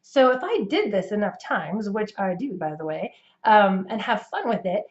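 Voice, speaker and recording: A woman's voice: medium pitch, big pitch swings, moderate pace. Accent coach, woman, North American English, patient demonstrative delivery, slightly dull recording. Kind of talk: instructional explanation to camera.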